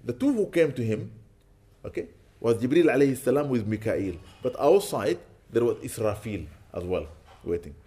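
A man's voice: medium pitch, big pitch swings, normal speed, mellow. Guy giving an islamic lecture, tells stories, quotes arabic then translates, voice swings up and down a lot. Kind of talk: storytelling sermon.

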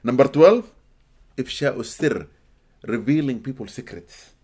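A man from Sudan, giving an animated, expressive religious lecture to a live audience in a hall and often laughing. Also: mid-range voice, brisk, husky. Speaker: Islamic teacher.

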